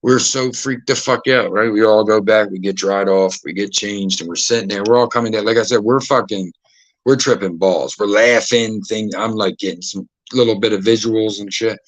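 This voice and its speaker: A man's voice: lowish voice, steady tone, moderate pace, dry recording, rough recording. A man, a podcast host telling casual stories full of swearing and acting out other people's lines. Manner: profane, acts out quoted voices. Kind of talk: casual storytelling.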